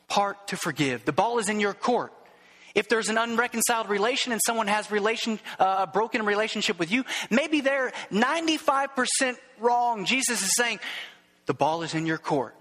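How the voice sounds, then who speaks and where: Fervent high-voiced preaching man. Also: lively intonation, moderate pace, bright, forceful tone, long reverb tail. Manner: emphatic, fervent preaching with rhetorical questions and repeated words. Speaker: pastor. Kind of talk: sermon.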